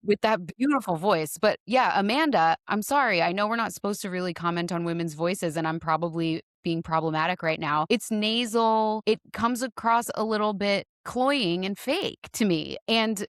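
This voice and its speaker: A woman's voice: mid-range voice, moderate pace, few pauses, no echo, clean studio sound. A woman co-hosting a podcast in a candid, chatty conversational style. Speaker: podcast co-host. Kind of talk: casual chat.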